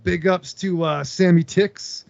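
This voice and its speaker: A man's voice: high-pitched, steady tone, slow pace, vocal fry, no echo. A man co-hosting a podcast, telling a long story with lots of swearing and acting out other people's lines. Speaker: podcast co-host. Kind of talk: casual storytelling with profanity. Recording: dull, dry podcast audio.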